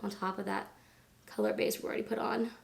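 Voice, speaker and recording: A woman in her thirties, hoarse from laryngitis, chatting casually and rambling through a makeup tutorial. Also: medium pitch, level tone, fast talker. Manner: chatty, rambling, lots of fillers. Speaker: beauty vlogger.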